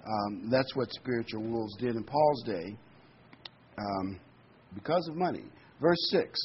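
A man preaching a sermon, talking conversationally and slowing down to read scripture with emphasis. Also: mid-range voice, expressive, breathy edge. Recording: dull lo-fi recording with faint noise.

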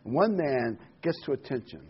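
A man's voice: medium pitch, sing-song, moderate pace, very noisy. A man preaching a Bible study sermon, reading scripture aloud, telling jokes and stressing key words. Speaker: pastor. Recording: dull lo-fi recording.

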